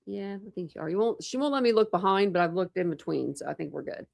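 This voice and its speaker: A woman's voice: fairly low pitch, expressive, fast, gravelly, a little mellow, dry recording, clean studio sound. A woman hosting a casual online chat, rambling and laughing as she browses videos and talks to her pets. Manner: rambling, chatty, laughs often, coos at pets. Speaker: true crime channel host.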